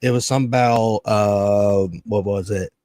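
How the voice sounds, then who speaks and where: A man's voice: lowish voice, fairly even intonation, moderate pace, darkish tone, no room sound. A man co-hosting a podcast in casual chat, rambling, swearing often and acting out what others said. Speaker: podcast co-host.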